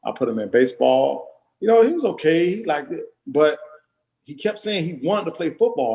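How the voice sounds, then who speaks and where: A man in his thirties from South Florida tells a story as an interview guest. His somewhat high voice swoops up and down with animated energy, and its tone is dark and mellow. He repeats phrases for emphasis as he goes. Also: moderate pace, gravelly. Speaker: interview guest, retired football player.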